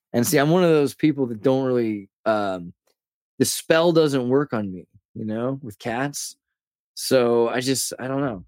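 A man in his thirties from California, a podcast guest telling rambling, animated stories in casual conversation. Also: medium pitch, no echo, clean studio sound. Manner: rambling, animated storyteller who says "dude" and "like".

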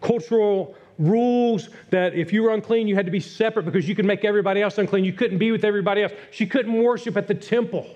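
A middle-aged pastor delivers an earnest sermon, his voice sitting a bit high for a man. He swings between hushed, confiding passages and louder pushes. The recording is dull and lo-fi. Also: fast, hardly any pauses. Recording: dull lo-fi sound.

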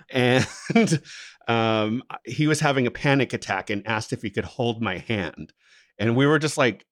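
A man telling a story as a podcast co-host in casual chat, laughing often and animated. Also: medium pitch, measured pace, no echo, studio quality.

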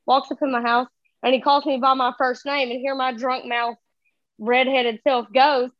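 A woman's voice: high-pitched, little pitch movement, moderate pace, no echo, lo-fi sound. A woman telling a wild personal story in casual, profane chat.

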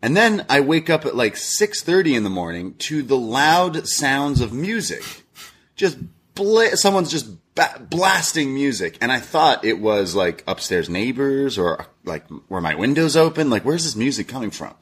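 A man's voice: medium pitch, sing-song, moderate pace, fairly bright tone, husky. A man co-hosting a podcast, telling a long story in casual chat, swearing often and laughing at himself. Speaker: podcast co-host.

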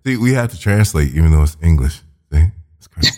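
Man, very low voice, podcast host, casual joking chat, swears freely. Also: animated, fast, darkish tone. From Chicago. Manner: loose, joking and profane.

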